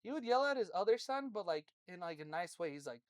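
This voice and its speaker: A man chatting casually on a podcast, telling stories in an animated way, swearing and laughing often. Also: high voice, fast talker, no echo, clean studio sound. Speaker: podcast co-host. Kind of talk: casual chat.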